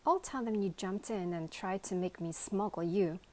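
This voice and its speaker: A woman voicing a fussy, nervous talking lunchbox in a storybook reading, raised higher and louder than her narration. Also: moderate pace, lightly acted. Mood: indignant. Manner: anxious, quavering.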